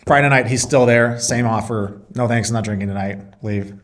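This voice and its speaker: A man's voice: fairly low pitch, a little fast. A man being interviewed, a Marine reservist and business owner, telling a story in casual chat and acting out both sides of the dialogue.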